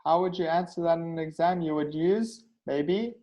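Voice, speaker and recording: A man's voice: on the high side, normal speed, highs cut off. A man teaching an online English speaking class, patient and repetitive, checking in with the students after nearly every sentence.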